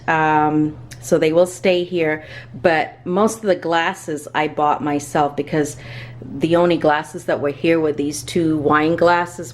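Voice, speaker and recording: A woman's voice: low voice, recorded from a distance, a little hiss or hum. A woman chatting casually to her camera in an apartment kitchen, rambling on as she tidies up. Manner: chatty, rambling, talks to herself while tidying. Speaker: travel vlogger. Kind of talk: casual vlog chat to camera. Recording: clear background music under the voice.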